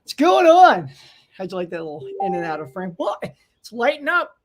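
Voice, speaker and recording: A man hosting a casual live stream from home, chatting excitedly and greeting viewers by name. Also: high voice, a little fast. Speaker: channel host. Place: home room.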